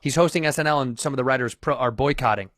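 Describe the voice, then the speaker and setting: A male comedian hosting a podcast, chatting casually in a quick, teasing way. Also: medium pitch, fairly bright tone, no room sound, clean studio sound. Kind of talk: casual chat.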